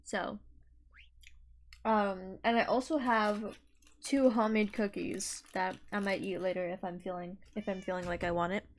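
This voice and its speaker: A woman's voice: mid-range voice, steady tone, moderate pace. A young adult woman co-hosting a podcast in casual chat, rambling with many restarts and a giggly manner. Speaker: podcast co-host.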